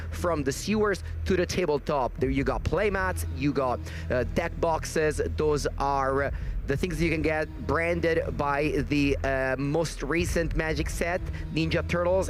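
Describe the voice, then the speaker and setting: A man's voice: fairly high pitch, slight background noise. Chatty male tournament commentator. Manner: chatty, joking, with frequent fillers. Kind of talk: live esports-style commentary. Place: tournament venue.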